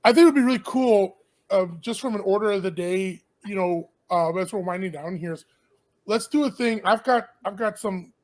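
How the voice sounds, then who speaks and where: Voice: mid-range voice, moderate pace, darkish tone. A casual livestream host interviewing a band. The talk is loose and rambling, with restarts and slangy asides.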